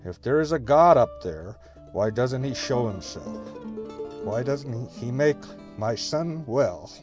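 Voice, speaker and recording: A man's voice: medium pitch, lightly acted. A man reading aloud in the voice of a despairing poor immigrant farmhand, a young father pleading with heaven.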